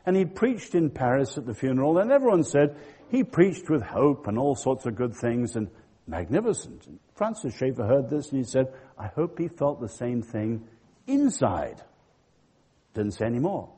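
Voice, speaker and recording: An older man delivers a sermon-style talk with a husky, mellow voice. His pitch rises and falls in a lively way as he leans hard into key words and tells stories. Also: normal speed. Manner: emphatic, storytelling. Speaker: Christian speaker.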